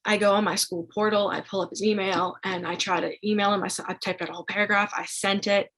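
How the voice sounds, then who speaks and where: A young woman with a husky, gravelly voice tells a personal story as an interview guest. Her talk is loose and chatty, full of fillers and restarts. Her pitch stays fairly flat. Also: fast, low-quality recording. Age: young adult. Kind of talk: casual storytelling.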